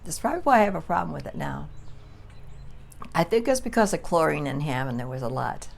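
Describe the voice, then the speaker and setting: A woman's voice: low-pitched, lively intonation, fairly quick, gravelly, a little hiss or hum. A woman in her eighties reminiscing in a chatty, rambling way on her front porch for a vlog. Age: 80s. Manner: chatty, rambling, calls out names in a sing-song. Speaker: vlogger.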